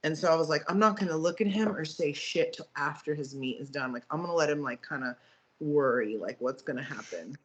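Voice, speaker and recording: A woman's voice: sits low, fairly quick, highs cut off. Breezy, profane woman telling a story. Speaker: podcast co-host, powerlifting coach. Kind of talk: casual storytelling chat.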